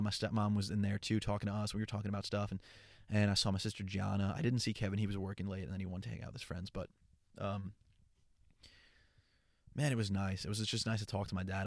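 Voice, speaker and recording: A man's voice: fairly low pitch, dry recording, clean studio sound. A young man chatting casually to his online followers, rambling and swearing freely, upbeat and earnest. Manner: rambling and profane, with frequent restarts. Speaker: content creator. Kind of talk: casual chat.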